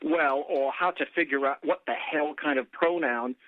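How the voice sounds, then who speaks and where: A man's voice: a little high, moderate pace, no echo. A man on a political talk podcast, sardonic and wordy with formal phrasing. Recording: tinny phone line.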